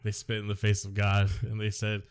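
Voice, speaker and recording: Joking low-voiced man on a movie podcast. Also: completely flat delivery, brisk, clean tone. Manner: jokey, rambling, silly impressions. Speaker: podcast co-host. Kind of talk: casual movie podcast chat.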